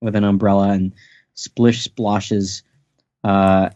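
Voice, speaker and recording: A man's voice: fairly low pitch, little pitch movement, slow, warm tone, no room sound. A man hosting a podcast, recapping a manga chapter in a playful, rambling chat with lots of restarts. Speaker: podcast host. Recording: dry, dull lo-fi podcast audio.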